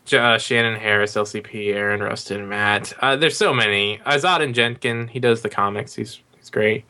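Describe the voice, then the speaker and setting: Bright-voiced man giving shout-outs. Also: fairly low pitch. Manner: friendly, reading out names slowly. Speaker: podcast co-host. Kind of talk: casual podcast banter.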